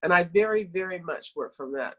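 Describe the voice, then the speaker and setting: A middle-aged woman with a husky, breathy tone speaks as a practitioner guest on a podcast. She tells anecdotes from her work, restarting phrases and moving along with animated energy. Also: lowish voice, a little fast, poor audio. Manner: storytelling, animated, self-correcting. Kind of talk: conversational podcast talk.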